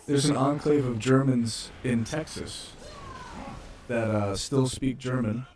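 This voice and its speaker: A laid-back man co-hosting a casual chat. He chimes in with short, easygoing replies and quick asides. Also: medium pitch, steady tone, darkish tone. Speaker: co-host.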